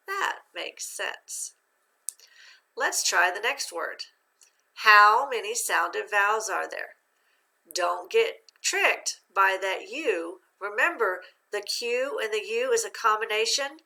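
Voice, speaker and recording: A woman teacher giving a recorded phonics lesson, talking slowly and patiently and guiding her students step by step. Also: mid-range voice, vocal fry, sharp tone.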